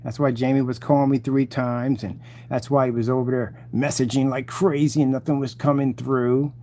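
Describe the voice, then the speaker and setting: Man ranting on a live stream, gloating, mocking, dark mellow tone. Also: mid-range voice, little pitch movement, moderate pace, slight background noise. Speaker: channel host taunting rivals. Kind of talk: rambling live-stream rant.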